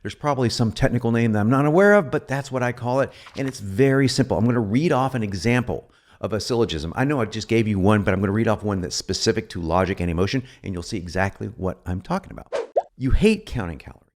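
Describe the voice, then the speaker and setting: A man giving an informal copywriting lesson, animated and joking as he explains. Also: on the low side, fast talker. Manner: animated, joking asides, lively delivery. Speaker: copywriting instructor. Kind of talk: informal teaching.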